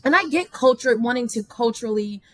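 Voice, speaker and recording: A woman hosting a podcast interview, talking in a thoughtful, measured way. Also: on the high side, expressive, no room sound. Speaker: podcast host. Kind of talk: casual interview talk.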